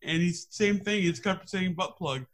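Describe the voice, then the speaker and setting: A man's voice: high-pitched, normal speed. A young man co-hosting a podcast, chatting loosely, swearing freely and laughing at his own stories. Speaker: podcast co-host. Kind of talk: casual chat.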